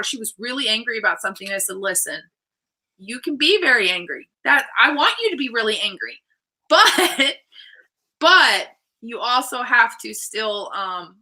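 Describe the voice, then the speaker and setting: An animated woman in her thirties hosts a casual interview. Her voice is very bright and a little high, and she tells stories with lively energy, jumping into other people's voices as she quotes them. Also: low-quality recording. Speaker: host.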